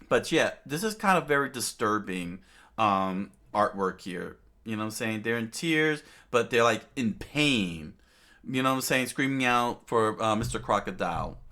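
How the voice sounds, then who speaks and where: A middle-aged man with a medium-pitched, bright, forceful voice rambles through casual commentary on a comic. As a channel host reading and reacting to manga, he fills his talk with fillers, restarts, and asides like "you know what I'm saying."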